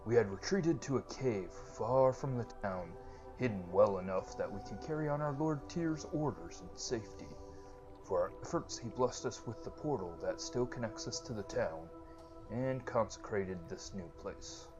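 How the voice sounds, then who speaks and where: Brief: formal old-world game priest, lowish voice, game music under it , a man puts him on. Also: muffled recording. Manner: archaic formal storytelling delivery. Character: formal gracious male temple priest.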